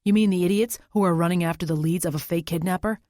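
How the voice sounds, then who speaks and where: A woman's voice: lowish voice, fast talker, warm tone, dry recording, studio quality, close to an everyday voice. A woman voicing a frustrated, defiant young father who speaks in short, clipped lines. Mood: tense, frustrated.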